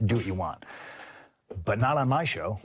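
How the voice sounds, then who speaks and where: A man's voice: on the low side, animated, moderate pace, breathy edge. A middle-aged man in a candid interview, telling his side bluntly and swearing freely. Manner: blunt, swears, acts out quoted dialogue. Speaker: pro wrestler interviewee.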